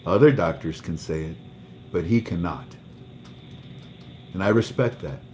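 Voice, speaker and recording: A man's voice: deep voice, unhurried, darkish tone, a little hiss or hum. A man hosting a casual livestream, telling an emotional story and often repeating his words. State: under treatment for cancer. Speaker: livestream host.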